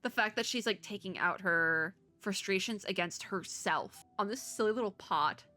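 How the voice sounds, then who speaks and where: A woman's voice: medium pitch, moderate pace, sharp tone. A woman hosting a let's play, reading game text aloud and reacting with emotional, tearful, laughing, rambling commentary. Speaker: VTuber let's play host.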